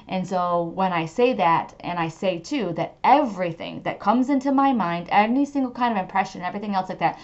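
A woman's voice: mid-range voice, lo-fi sound. A woman hosting a solo podcast, chatty and emphatic, with lots of fillers like "like" and "okay". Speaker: podcast host and medium. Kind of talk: casual solo podcast talk.

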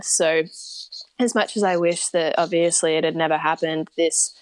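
A woman's voice: low voice, steady tone, moderate pace, no echo. An upbeat, enthusiastic woman with an Australian accent, chatting casually as a podcast guest. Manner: upbeat, enthusiastic, laughs easily. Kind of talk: casual interview chat.

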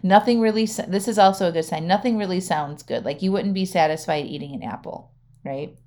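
Chatty woman podcaster, lowish voice. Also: fairly quick, a little mellow. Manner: chatty, says "right?" and "like" a lot, laughs often. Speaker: podcast host and wellness coach. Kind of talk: casual solo podcast talk.

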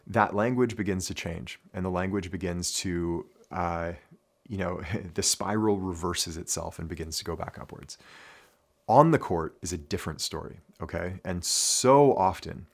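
A man giving an instructional talk on athlete mindset as a coach, earnest and repeating his key phrases with frequent check-ins like "right?". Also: deep voice.

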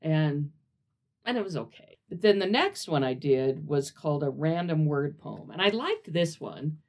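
A woman's voice: deep voice, sing-song, a little slow, a little mellow. A woman co-hosting a podcast, explaining a writing exercise step by step in a chatty way. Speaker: podcast co-host. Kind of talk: casual chat.

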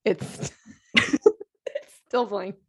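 A woman's voice: medium pitch, fairly even intonation, drawn-out words, sharp tone, breathy edge. A woman co-hosting a podcast as a homeschooling parent, telling a rambling story in casual chat with lots of filler words. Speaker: podcast co-host.

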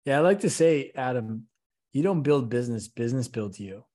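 A man being interviewed on a podcast, speaking with real passion and energy. He leans on rhetorical questions to make his point, and his voice sits in a middle pitch. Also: lively intonation, normal speed, warm tone. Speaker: podcast guest, company CEO. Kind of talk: conversational interview.

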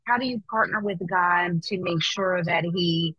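Slow, thoughtful woman interviewer. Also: on the low side, husky, dry recording. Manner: thoughtful, searching questions. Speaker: interview host. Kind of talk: casual interview. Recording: dull, muffled dry recording.

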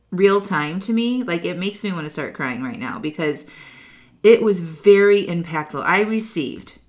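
Heartfelt, chatty woman life coach. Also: on the low side. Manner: chatty, heartfelt, many "like" fillers; addresses listeners directly. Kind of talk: casual storytelling monologue.

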